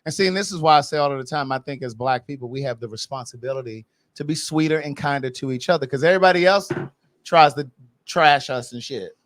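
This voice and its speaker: A man's voice: medium pitch, fast talker, fairly bright tone. A man co-hosting a casual chat, ranting in an opinionated, sassy way. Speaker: co-host.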